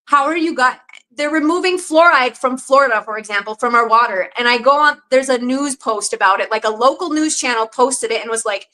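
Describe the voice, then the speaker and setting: A woman with a high, bright voice hosts a casual conversation. She talks bluntly and with exasperation, and she swears freely. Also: fairly quick, hardly any pauses, low-quality recording. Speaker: podcast host. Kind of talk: casual chat.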